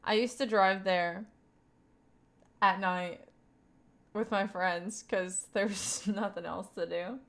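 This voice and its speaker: A woman's voice: medium pitch, fairly even intonation, takes it slowly, long pauses, a bit bright. A young woman from Kentucky with a light Southern accent, chatting casually with her stream viewers and rambling with lots of fillers and laughs. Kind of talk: casual live-stream chat reading viewer messages.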